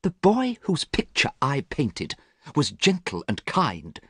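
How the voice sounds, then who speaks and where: A man's voice: sits high, wildly swooping pitch, moderate pace, a bit bright, slightly rough, no echo, studio quality, pitched above the performer's own voice, full character voice. A man voicing a worried, earnest male painter who pleads with a friend, in a storybook reading. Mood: pleading. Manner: pleading, anxious.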